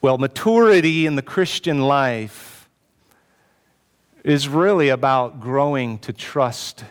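A man's voice: mid-range voice, slow, clear, resonant tone. Man preaching in a reverberant hall. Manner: self-mocking storyteller, jokes with the congregation. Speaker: pastor. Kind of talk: sermon with personal story. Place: church hall with an audience.

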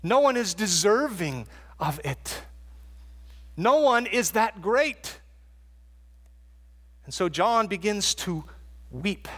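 Male preacher, high voice, earnest expository sermon, long hall reverb, stumbles and repeats words. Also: animated, takes it slowly, pauses often, fairly bright tone.

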